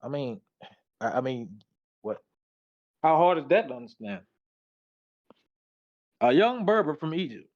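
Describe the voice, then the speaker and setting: A man's voice: mid-range voice, a little slow, pauses often, a little mellow, dull audio. A tired man giving a casual, slangy presentation, reading slides aloud and reacting to them. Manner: loose, slangy, talks back to the slides.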